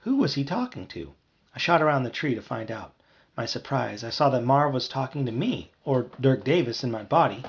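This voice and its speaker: A man reading a children's book aloud in a lively storytelling manner. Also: moderate pace, lo-fi sound. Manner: lively, voices characters with higher shouts. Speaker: audiobook reader.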